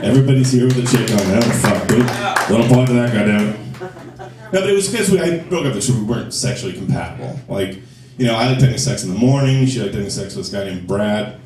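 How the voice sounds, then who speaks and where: A man's voice: medium pitch, animated, fast talker, darkish tone, a little hiss or hum. A man doing a stand-up comedy set at a club, with crude, self-mocking punchlines. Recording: echoey club, mic from a distance.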